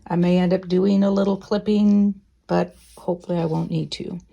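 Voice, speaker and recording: A woman teaching quilting in a relaxed, chatty way, thinking aloud as she sews. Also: fairly low pitch, moderate pace, vocal fry, lo-fi sound. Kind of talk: casual sewing tutorial.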